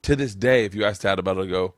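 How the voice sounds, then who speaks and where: A man hosting a podcast, telling a story in casual chat, animated and swearing, his voice jumping up when he quotes himself. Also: deep voice, very fast, no room sound, clean studio sound. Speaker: podcast host. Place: room with family around.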